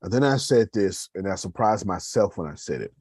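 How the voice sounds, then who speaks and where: A man's voice: low-pitched, expressive, fairly quick, darkish tone, breathy edge, dry recording. A man running a casual motivational talk about his business, speaking straight to listeners and rambling through his points. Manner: conversational, addresses listeners as y'all, rambling with restarts.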